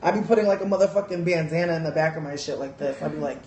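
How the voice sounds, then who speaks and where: A young woman hosting a casual livestream, telling profane, animated stories full of "like" and laughter while reading viewer comments. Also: low voice, rapid-fire, hardly any pauses.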